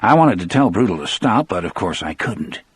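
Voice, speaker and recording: Husky low-voiced male audiobook narrator. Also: very animated, moderate pace, no echo. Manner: dramatic, storyteller delivery. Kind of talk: first-person audiobook narration.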